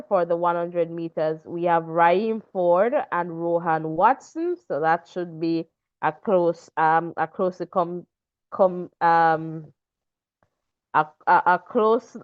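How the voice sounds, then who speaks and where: Woman host, slow and unhurried, smooth voice, dull lo-fi sound; reads name lists casually. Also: fairly low pitch. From Jamaica. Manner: reads lists of names, with fillers. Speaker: show host. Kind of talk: casual talk show commentary. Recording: dull lo-fi recording.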